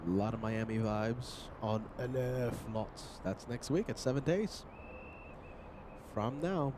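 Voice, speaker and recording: A man's voice: medium pitch, slow, noisy background. A man hosting a live plane-spotting stream, chatting with viewers by name while he is sick. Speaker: livestream host.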